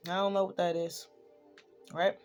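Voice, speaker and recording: A woman's voice: lowish voice, little pitch movement, moderate pace, a little mellow, soft background music. A woman ranting in a casual spoken monologue, swearing freely and tossing in "right?" again and again. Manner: profane, ranting, keeps asking "right?". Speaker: online spiritual speaker.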